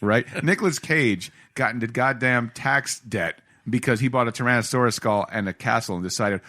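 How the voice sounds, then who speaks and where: A man co-hosting a comic book podcast, talking in an animated, casual way with frequent swearing and joke asides. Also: medium pitch, normal speed, no room sound, clean studio sound. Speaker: podcast co-host.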